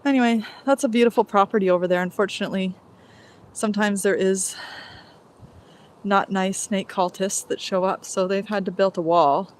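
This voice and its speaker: A woman's voice: medium pitch, fairly even intonation, normal speed. A woman streaming live from her phone while walking outdoors, chatting casually and meandering from thought to thought with the odd sigh. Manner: rambling, meandering, with sighs. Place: outdoors on a walk.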